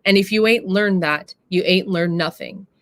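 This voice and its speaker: Woman reading a wise, loving mother, measured and folksy, dry close sound. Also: lowish voice, no echo, close to an everyday voice. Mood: tender, instructive. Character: wise, loving mother scolding her daughter gently. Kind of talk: reading a play quote aloud.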